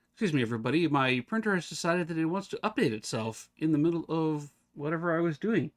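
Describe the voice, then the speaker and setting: A man's voice: a little high, expressive, a little fast. A man streaming a horror game live, chatting to himself and the game with wry asides. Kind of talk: live gameplay commentary.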